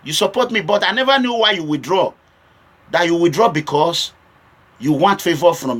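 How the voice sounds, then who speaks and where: A Nigerian man with a high voice addresses his audience directly. His talk is impassioned and switches between stern warnings and urgent pleading. His tone is bright and forceful. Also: expressive, brisk. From Edo State, Nigeria. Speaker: political vlogger. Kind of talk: direct-to-camera political address.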